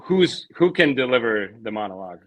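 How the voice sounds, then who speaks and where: A man's voice: medium pitch, sing-song, fairly quick, low-quality recording. A man co-hosting a casual movie debate show, earnestly retelling scenes and quoting lines. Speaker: podcast co-host.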